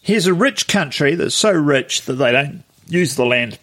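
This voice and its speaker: A man's voice: a little high, lively intonation, measured pace, fairly bright tone. A man, co-hosting a podcast in casual chat, laid-back as he brings up news stories. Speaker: podcast co-host.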